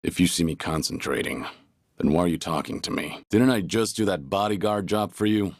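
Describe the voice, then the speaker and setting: An actor voicing a stoic, gruff middle-aged ex-yakuza man in video game voice lines, terse and low-spoken. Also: brisk, dry recording, clean studio sound. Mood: stern. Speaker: game character voice clips.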